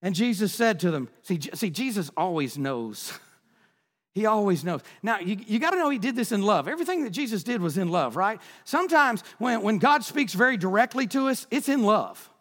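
A pastor preaching a sermon, loud and excitable, often shouting when stirred up. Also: male voice, high-pitched, fairly quick, in a large hall.

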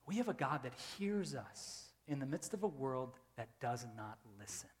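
A man in his thirties preaching a sermon as pastor, telling a casual everyday story, swinging between loud emphasis and hushed tones. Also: medium pitch, animated, normal speed, hardly any pauses. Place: church sanctuary. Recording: reverberant church hall.

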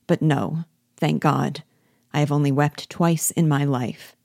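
A woman's voice: deep voice, fairly even intonation, a little slow, vocal fry, a little mellow, no room sound, clean studio sound. A woman voicing a loyal, sentimental old male army sergeant who speaks humbly and rambles. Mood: earnest, humble.

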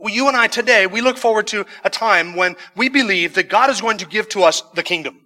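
A man's voice: sits high, brisk, pushed and bright, big-room sound. A man preaching a sermon, reading scripture verses and then explaining them in conversational asides with some humor. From United States. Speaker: pastor.

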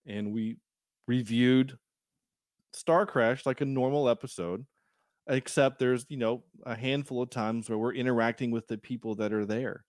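A man chatting as a podcast host, voice at an ordinary middle pitch and recorded dry and close with no room sound. He rambles, restarts his sentences, and talks about himself in a self-deprecating way. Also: fairly even intonation, moderate pace, a little mellow, no room sound. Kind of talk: casual podcast chat.

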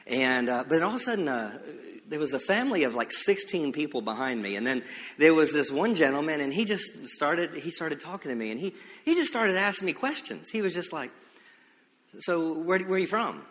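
A male pastor preaching with a bright, fairly high voice, animated and emphatic as he tells stories. He often restarts his phrases. The sound carries the long reverb of a church hall. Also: a little fast. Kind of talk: sermon with storytelling. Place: church sanctuary.

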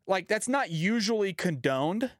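Man, podcast host, profane animated rant, slightly high voice, dry sound. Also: unhurried, dry recording. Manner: animated, profane ranting with lively swings. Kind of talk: casual chat.

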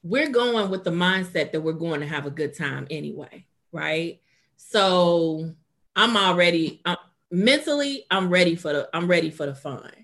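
A woman in casual chat, telling a story in a laid-back, drawn-out way. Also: fairly low pitch, expressive, fairly bright tone.

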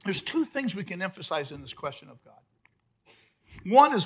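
A man preaching a sermon as pastor at a church service, emphatic, swinging between loud outbursts and hushed, soft lines. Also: high-pitched, big pitch swings, moderate pace, breathy edge.

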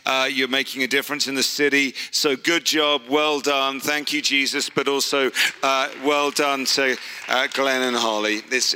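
British guy guest preaching, witty, super bright clear voice, echoey church hall. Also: mid-range voice, slight background noise. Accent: British English. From England. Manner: witty, self-deprecating, stammering restarts. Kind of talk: sermon with humorous asides. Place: church service.

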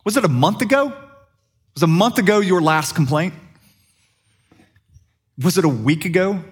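A middle-aged man preaches a sermon, talking to his congregation like a friend and tossing them questions. His voice sits slightly high and rises and falls with plenty of life, leaning into jokes as he goes. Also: expressive, moderate pace, husky. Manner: conversational, humorous, asks the congregation questions. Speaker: pastor.

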